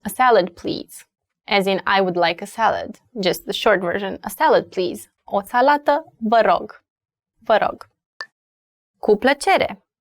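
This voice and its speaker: Woman, Romanian accent, native speaker, language teacher; slow, patient delivery with careful repetition; dry, close sound. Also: mid-range voice, no room sound. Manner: explains carefully, repeats words slowly. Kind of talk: language lesson.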